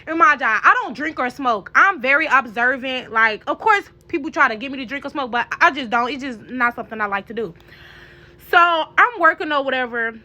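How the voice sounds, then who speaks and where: A woman's voice: sits high, fairly quick. A young woman, animatedly telling a casual storytime to her viewers. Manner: animated, addresses viewers as y'all.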